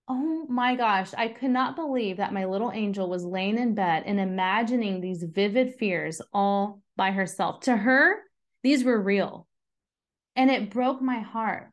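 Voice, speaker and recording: A woman's voice: medium pitch, unhurried. A woman in her thirties, a mother giving a casual, earnest faith talk who chats with her listeners and asks them questions. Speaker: mom sharing a devotional talk.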